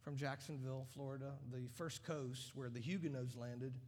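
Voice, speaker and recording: A man preaching a sermon in a large church auditorium, animated and emphatic, building to loud peaks. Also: mid-range voice, moderate pace. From United States. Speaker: guest preacher. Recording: long reverb of a large hall.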